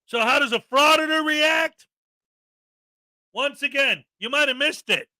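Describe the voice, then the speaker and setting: High bright sarcastic ranting man. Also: a little slow, no echo. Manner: sarcastic, mocking, shouts often and acts out mock voices. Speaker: commentary channel host. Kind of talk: ranting reaction commentary.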